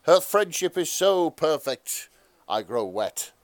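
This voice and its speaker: A man narrating a comic fan fiction reading as host, mostly deadpan with bursts of laughter. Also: on the high side, slow pace, no room sound.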